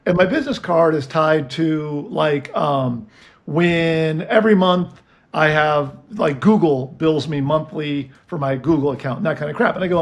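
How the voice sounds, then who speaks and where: A man's voice: on the high side, moderate pace. A man co-hosting a casual chat, telling a story and acting out both sides of his phone calls. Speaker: podcast co-host.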